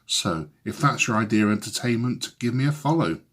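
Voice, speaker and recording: A comedian talking casually and self-deprecatingly to the camera. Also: male voice, mid-range voice, animated, a little fast, fairly bright tone. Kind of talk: casual direct-to-camera chat.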